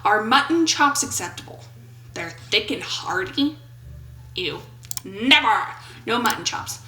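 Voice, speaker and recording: Bright-voiced playful woman gamer. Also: fairly high pitch, lively intonation, unhurried, reverberant, low-quality recording. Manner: playful, goofy, jokes and brief put-on voices. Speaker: gaming YouTuber. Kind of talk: game commentary, reading questions aloud.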